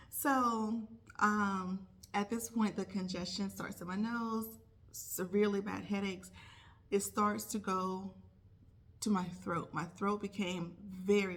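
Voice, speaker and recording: A woman's voice: medium pitch, fairly even intonation, measured pace. A woman who is a nurse, telling a casual vlog story and acting out her own thoughts in quotes. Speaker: nurse vlogger.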